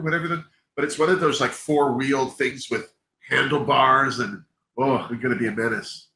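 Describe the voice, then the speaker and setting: Speaking unhurriedly with long pauses, a man at medium pitch hosts a livestream in a bright, forceful tone. He's openly emotional and rambling, frequently breaking off and restarting what he says in this candid, casual chat. The recording has an echoey room and faint background noise.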